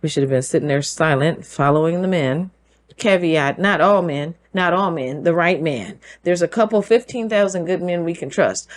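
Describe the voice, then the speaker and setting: A woman hosting her own show, talking through a forceful opinion monologue, firing off rhetorical questions and laughing between points. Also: fairly low pitch, normal speed. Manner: emphatic, fires rhetorical questions. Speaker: show host.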